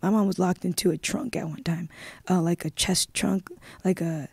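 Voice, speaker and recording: Woman, interview guest, husky, gravelly, mellow tone, subdued earnest telling. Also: lowish voice, steady tone, normal speed, dry recording. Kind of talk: personal testimony in a live-streamed interview.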